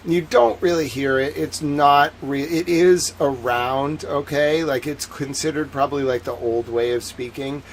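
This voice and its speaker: A man's voice: a little high, measured pace, hardly any pauses, a little hiss or hum. A man from Massachusetts with a local accent, hosting a livestream and chatting casually in a rambling way with constant "like" fillers. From Massachusetts, USA. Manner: rambling, heavy use of "like" fillers. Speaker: livestream host.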